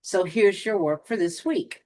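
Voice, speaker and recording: A woman giving a spiritual motivational talk, speaking deliberately with dramatic pauses and a touch of sarcasm. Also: medium pitch, mellow. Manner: lightly sarcastic.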